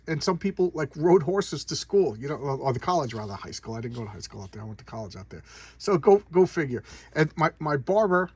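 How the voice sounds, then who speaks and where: A man talks through a comic book's story in a casual, rambling way, often stumbling over and repeating his words. His voice is a little husky and sits somewhat high for a man. He sounds eager as he recounts the action. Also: no room sound. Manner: enthusiastic recap of a plot. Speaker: comic book reviewer. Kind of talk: casual chat.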